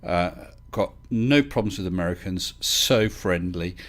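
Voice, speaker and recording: A man's voice: sits low, measured pace, fairly bright tone. A British man hosting a live stream, chatting casually, interrupting himself and laughing easily. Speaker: livestream host.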